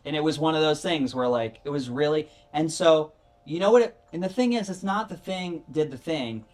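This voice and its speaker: Rambling, animated man telling his story. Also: on the high side, normal speed, a little hiss or hum. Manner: rambling, self-correcting, animated. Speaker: podcast guest. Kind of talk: candid conversational storytelling.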